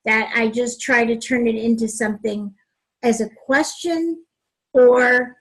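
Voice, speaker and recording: A woman with a slightly raised pitch and a husky, breathy edge talks animatedly, acting out phrases people might say to each other. She speaks as a couples therapist in a casual advice chat. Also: a little slow, poor audio. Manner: warm, animated, acts out example phrases.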